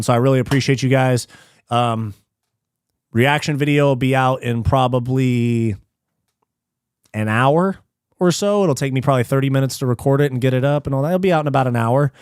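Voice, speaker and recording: A man's voice: medium pitch, fairly quick, clear, resonant tone, no echo. Casual man streamer, dry close sound. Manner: reads viewer messages aloud and thanks them; relaxed, slangy, swears freely. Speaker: live stream host. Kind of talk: casual live stream chat.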